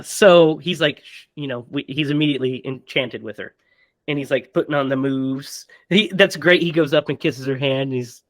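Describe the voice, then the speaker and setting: A man co-hosting a casual movie podcast, retelling scenes with quick quoted character lines. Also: fairly high pitch, fairly bright tone, no echo, clean studio sound. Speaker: podcast co-host.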